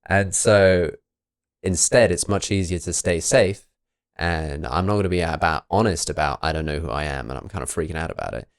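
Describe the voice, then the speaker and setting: Deep-voiced man talking reflectively. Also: normal speed, dry recording, studio quality. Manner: thoughtful, acts out quoted voices. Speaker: podcast host. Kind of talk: reflective conversational talk.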